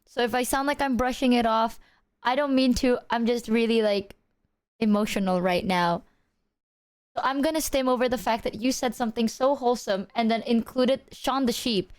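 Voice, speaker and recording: A woman streamer chatting casually to her audience, teary and rambling, with lots of "like" and laughter. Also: fairly high pitch. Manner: emotional, laughing, rambling with filler "like". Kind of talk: casual live-stream chat.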